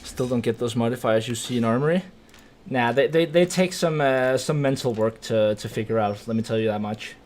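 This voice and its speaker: A young man from Denmark chats through a live game stream at an ordinary mid pitch. He swears and yelps at surprises, then settles into long explanations. A faint hiss sits under the voice. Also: fairly quick, darkish tone. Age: 20s. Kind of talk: casual live-stream gaming chat.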